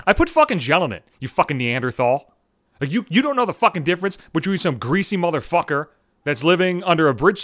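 A man's voice: on the high side, a bit bright, no echo, clean studio sound. A man hosting a solo podcast from home, ranting in a heated, profane way and stumbling over restarts. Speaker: podcast host. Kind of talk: solo comedic rant podcast.

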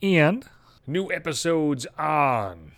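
A man rants on his home podcast in a fairly high voice that swings wildly up and down. He swears constantly and trips over his own restarts as he gets worked up. The sound is close and dry. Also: sing-song, extremely slow, a bit bright, no echo. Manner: profane, heated ranting with stammered restarts. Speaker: podcast host. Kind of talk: solo comedic rant podcast.

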